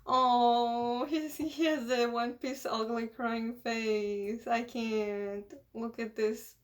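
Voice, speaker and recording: Excitable woman reacting, higher voice. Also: very slow. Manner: emotional, laughing, exclaiming. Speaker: anime reactor. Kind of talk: casual reaction commentary.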